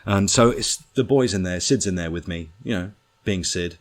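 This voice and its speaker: A man with a fairly low voice tells rambling comic anecdotes in a relaxed conversational way. His delivery is animated and salty, full of swearing and punchlines. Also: moderate pace. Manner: animated, profane, comic storytelling. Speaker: guest storyteller. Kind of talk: casual anecdote telling.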